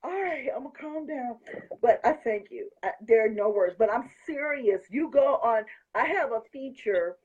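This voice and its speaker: Gushing husky-voiced woman host. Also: on the high side, animated, normal speed, a little mellow, dull audio. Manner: effusive, laughing, gushing. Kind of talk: excited casual chat.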